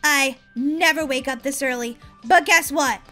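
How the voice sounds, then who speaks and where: Brief: woman voicing hyper little girl, high, very bright, chatty game role-play. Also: a little slow, faint music behind. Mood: excited. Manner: chatty, excitable, talks to herself, giggly. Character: excitable young girl Molly. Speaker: roleplay gamer.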